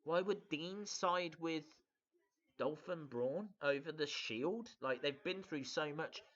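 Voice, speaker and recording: A man's voice: a little high, takes it slowly, fairly bright tone. A man hosting a live wrestling reaction stream, rambling with lots of ums and uhs and answering viewer comments. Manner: rambling, hesitant, many fillers, reads out viewer comments. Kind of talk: casual live reaction chat. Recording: dull lo-fi sound.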